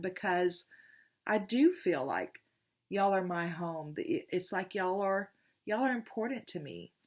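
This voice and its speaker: An older woman chats with her viewers as a tarot reader. She rambles in a loose, affectionate way and restarts her sentences often. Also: fairly low pitch. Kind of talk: casual chat to viewers.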